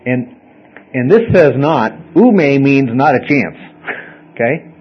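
A man's voice: medium pitch, lively intonation, takes it slowly, breathy edge, muffled recording. Conversational male Bible teacher. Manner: conversational, explains step by step, checks in with "okay?". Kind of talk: Bible study class teaching. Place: classroom with listeners.

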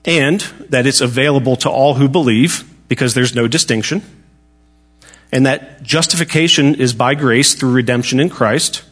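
A man's voice: mid-range voice, moderate pace, fairly bright tone. A man teaching a Bible study lesson in a casual, conversational way, joking now and then and often restarting his sentences.

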